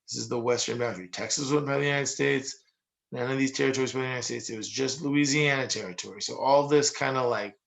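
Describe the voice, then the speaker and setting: A young man teaching a history lesson in a casual, jokey way, full of asides and quick analogies. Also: mid-range voice, creaky, a bit bright, poor audio. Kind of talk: casual recorded history lecture.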